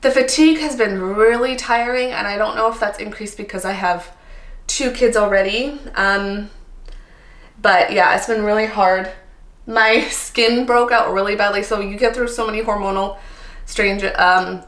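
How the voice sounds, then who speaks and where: A woman in her thirties from Canada talks casually to camera about her life, open and a little worn out, with plenty of ums and likes. Her voice sits at a middle pitch. The room around her gives a noticeable echo. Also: steady tone, normal speed, a bit bright. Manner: chatty, frequent ums and likes, candid. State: tired, a little emotional. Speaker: vlogger. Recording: echoey room.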